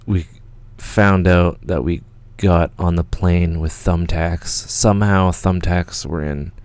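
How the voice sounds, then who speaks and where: A man's voice: sits low, steady tone, takes it slowly, a little mellow, clear, resonant tone, dry recording. A young man from Canada hosting a live studio Q&A stream, telling rambling stories in a laid-back way with lots of fillers and swearing. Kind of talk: casual livestream chat. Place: home studio.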